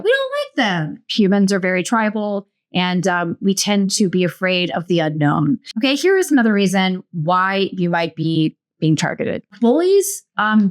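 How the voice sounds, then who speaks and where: A woman hosting a book show, summarizing a book in a casual, lively way with playful asides. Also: on the low side. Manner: lively and playful, slips into mock voices.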